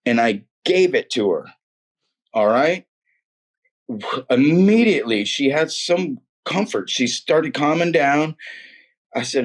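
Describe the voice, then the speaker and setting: This man's faith testimony comes in a slightly high voice, slow and lively, with frequent pauses. Casual and emphatic, he uses slang, repeats himself, and addresses the listener as "man" and "dude."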